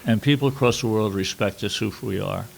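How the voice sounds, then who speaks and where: A middle-aged man from New York City, a war correspondent telling a personal story at a workshop, halting with many fillers. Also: fairly low pitch, gravelly, a little hiss or hum. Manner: halting, with frequent fillers and restarts.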